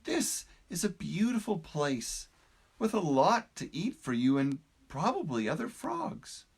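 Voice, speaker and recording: A man voicing a gentle, patient female turtle who tries to coax a frog out of his well, speaking earnestly and with a few halting restarts. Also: sits high, big pitch swings, creaky, husky, pitched above the performer's own voice, heavily acted. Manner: earnest, coaxing, a bit halting. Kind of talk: storytelling.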